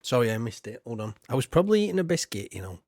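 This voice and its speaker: A man's voice: medium pitch, big pitch swings, rapid-fire, a little mellow, no echo, clean studio sound. Chatty man streaming a game. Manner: rambling and chatty, often clears his throat. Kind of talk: casual live-stream commentary.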